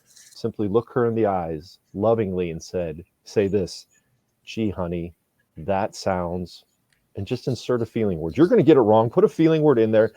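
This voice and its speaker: A man co-hosting a podcast as a couples therapist, talking in an animated, joking way with quick asides. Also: fairly low pitch, dry recording. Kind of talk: casual podcast conversation.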